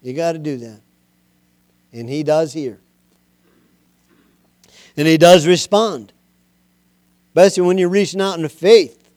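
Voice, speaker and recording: A male preacher delivering a sermon, emphatic and plain-spoken, urging listeners to say the words out loud. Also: fairly high pitch, unhurried, long pauses, no echo, clean studio sound. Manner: emphatic, urges listeners to say things aloud.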